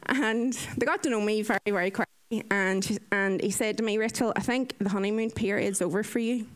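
A woman, a nurse, telling a personal story in a casual, animated way. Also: mid-range voice, a little fast. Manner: lively, animated retelling with acted-out quotes.

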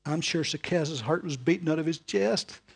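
A man preaching a sermon, dramatic, swinging from loud calls to hushed whispers and putting rhetorical questions to his listeners. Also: on the high side, moderate pace, vocal fry, slightly rough.

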